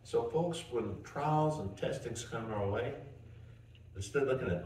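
A male pastor preaching a sermon in a folksy, animated storytelling way, chuckling and restarting as he goes. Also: mid-range voice, measured pace, slight background noise. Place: church. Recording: roomy church, mic at a distance.

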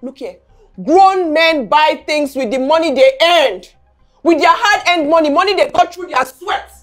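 A woman's voice: sits high, measured pace, soft background music. An actress with a Nigerian accent playing a stern middle-aged mother who scolds her son with insistent, repeated questions. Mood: scolding. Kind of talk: film drama acting.

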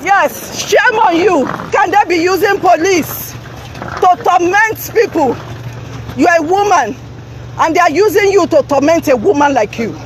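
A Nigerian woman live-streaming from her phone outdoors, shouting and confronting people, repeating herself urgently. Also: extremely high pitch, a little slow, background noise. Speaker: livestreamer confronting officials. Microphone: phone held while live streaming.

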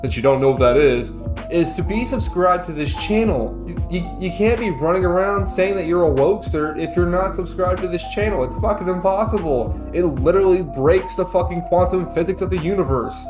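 A fairly high-voiced man ranting with sarcastic, foul-mouthed glee as he reacts to a clip. His voice bounces around a roomy, echoey space, and music plays underneath. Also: brisk. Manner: sarcastic, profane, mock-hyped rants. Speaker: commentary youtuber. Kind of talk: comedic reaction commentary.

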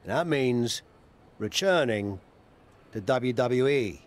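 A scheming wrestling manager in a video game talks in an even, mid-pitched voice. His tone is calm and matter-of-fact, as if nothing he says could cause trouble. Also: slow.

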